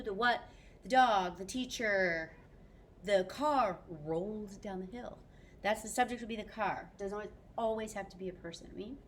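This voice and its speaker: An upbeat woman teacher walks students through a French grammar lesson, sprinkling French words into her English. Her voice sits at an ordinary middle pitch. A faint hiss of background noise runs under the recording.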